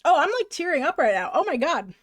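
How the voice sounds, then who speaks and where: High-voiced chatty woman streamer. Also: big pitch swings, fast. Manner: chatty, self-mocking, casual swearing. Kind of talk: casual livestream chat.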